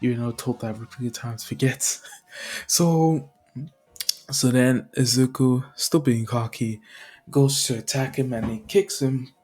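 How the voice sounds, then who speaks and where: Slow rambling male storyteller. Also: medium pitch, fairly even intonation, a little mellow, soft background music. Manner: rambling, full of fillers and laughs. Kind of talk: casual retelling of a fan story.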